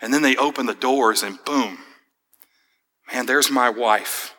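Young male pastor, conversational storyteller, tense bright tone, long hall echo. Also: medium pitch, measured pace. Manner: casual, storytelling, fillers like man and dude. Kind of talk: sermon with personal story.

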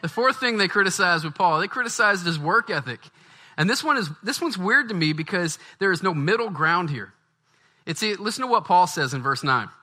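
Bright, animated preacher. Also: male voice, high voice, a little fast. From Baton Rouge, Louisiana, US. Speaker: pastor. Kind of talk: sermon.

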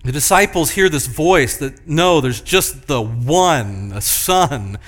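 A man preaching a sermon, moving between loud, emphatic passages and hushed, slow ones. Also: a little high, expressive. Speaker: pastor.

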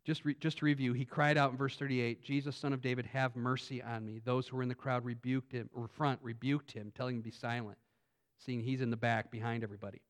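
A man preaching a sermon in a conversational way, swinging between loud emphatic lines and quiet asides, often restarting his sentences. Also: mid-range voice, fairly even intonation, fast. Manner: frequent restarts and repetitions. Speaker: pastor.

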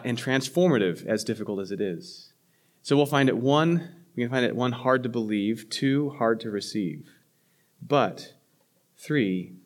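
A man, a pastor, preaching a sermon in a conversational way, with frequent fillers, restarts and self-corrections. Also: mid-range voice.

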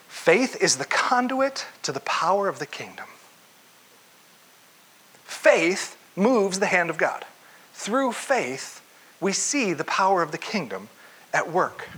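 A man preaching a sermon, telling a story with expressive delivery and acting out parts of the scene. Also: high voice, husky, poor audio.

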